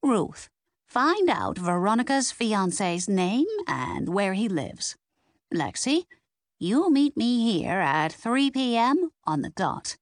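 A woman voicing a brisk older grandmother amateur sleuth who gives orders. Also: mid-range voice, sing-song, no room sound, pitched above the performer's own voice. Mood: commanding.

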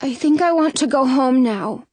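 A woman's voice: sits high, moderate pace, a little mellow, no echo. A woman reading a storybook and voicing a frightened young boy who speaks in a timid, whispery way. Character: scared young boy, adventurous little brother.

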